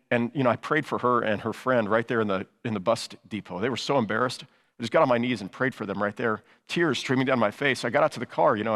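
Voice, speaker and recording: A man's voice: medium pitch, fairly bright tone, long reverb tail. A middle-aged male pastor preaching a sermon in a conversational way, often restarting his sentences and saying "you know".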